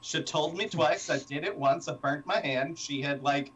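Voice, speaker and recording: Man with a slightly higher voice, stop-start anecdote teller, faint hiss behind. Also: a bit bright, low-quality recording. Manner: halting starts, anecdotal storytelling. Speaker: panelist. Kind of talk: casual chat.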